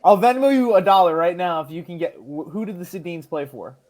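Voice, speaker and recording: A man chatting casually as a guest, playful and teasing, quick to laugh. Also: high-pitched, a little mellow. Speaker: guest voice actor. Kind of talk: casual chat.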